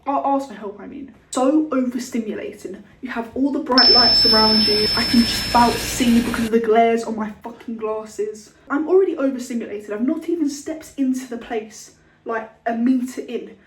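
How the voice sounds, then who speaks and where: A woman's voice: a little high, moderate pace, a little mellow, slight background noise. A young woman chatting casually to camera about her skincare, swearing freely and acting out the people she met. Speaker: skincare vlogger. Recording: roomy echo, a bit far from the mic.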